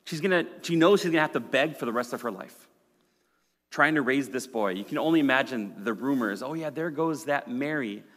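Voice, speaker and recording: A male pastor preaching a sermon in a conversational, storytelling way, swinging from loud to hushed. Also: medium pitch, a little fast. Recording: long hall reverb.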